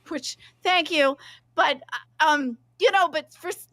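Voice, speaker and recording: A high-voiced woman, a regular on a livestream show, talks in a heated, emphatic way. Her voice is bright and edged and goes squeaky when she gets loud. The sound is dry and close. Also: slow, dry recording. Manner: worked-up, emphatic ranting. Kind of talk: livestream reaction chat.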